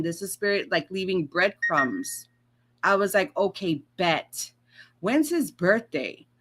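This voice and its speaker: A woman's voice: mid-range voice, bright, forceful tone. A woman talking to her viewers as a tarot and astrology vlogger, in a chatty rambling monologue where she swears freely and acts out her own past remarks.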